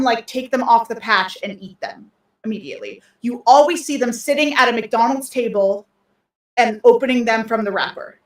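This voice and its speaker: This podcast co-host has a fairly high voice at a moderate pace, picked up by a distant mic in a roomy room. Her casual talk wanders, with lots of ums and false starts.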